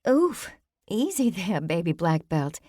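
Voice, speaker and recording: A woman's voice: fairly low pitch, very animated, takes it slowly, dark tone, dry recording, studio quality, exaggerated voice. A woman doing a reassuring expectant mother. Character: warm pregnant young woman among friends.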